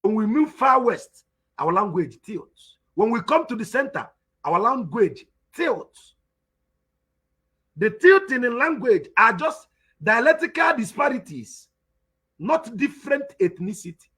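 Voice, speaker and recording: A man's voice: very high voice, very animated, measured pace, bright, forceful tone, slightly rough. A Nigerian man with an Igbo accent, a native Igbo speaker, teaching in a spoken lecture, emphatic and repeating his points with rhetorical questions.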